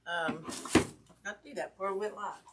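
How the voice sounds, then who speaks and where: A woman's voice: medium pitch, steady tone, brisk. A woman hosting a casual craft livestream from home, chatty and apologetic, greeting viewers by name and a little out of breath. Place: indoor home craft room. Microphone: camera mic at a distance. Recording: distant mic with audible background noise.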